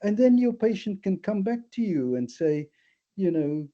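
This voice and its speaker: An older man from South Africa, a therapist, talking things through in a thoughtful, animated way with many restarts. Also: sits high, normal speed. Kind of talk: reflective discussion. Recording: slightly dull lo-fi audio.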